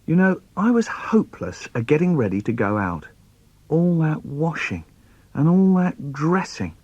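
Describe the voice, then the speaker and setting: A man's voice: fairly high pitch, measured pace, dry recording, muffled recording. Playful man reciting poems. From London. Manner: playful, expressive, swooping delivery. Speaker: children's poet. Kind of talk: storytelling poem recitation for children.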